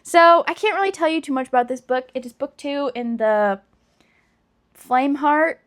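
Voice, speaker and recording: High-voiced gushing book vlogger woman. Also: moderate pace. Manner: gushing, emotional, dramatic emphasis. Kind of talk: casual chat.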